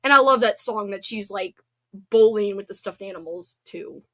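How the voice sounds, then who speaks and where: A woman's voice: mid-range voice, moderate pace, fairly bright tone. A woman in her thirties hosting a casual livestream, chatting in a bubbly, talkative way with lots of fillers. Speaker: livestream host reading chat. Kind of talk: casual chat.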